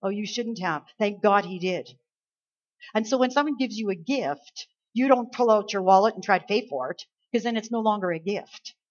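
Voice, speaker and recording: Woman, pastor, emphatic sermon, rhetorical questions, mid pitch, lo-fi recording. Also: normal speed. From Canada. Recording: slightly dull lo-fi sound.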